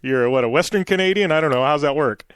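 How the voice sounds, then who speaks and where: Slightly high-voiced male radio host. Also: expressive, fast, fairly bright tone, clean tone, dry recording, studio quality. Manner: hesitant, many "uh"s, laughs easily. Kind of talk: casual radio chat.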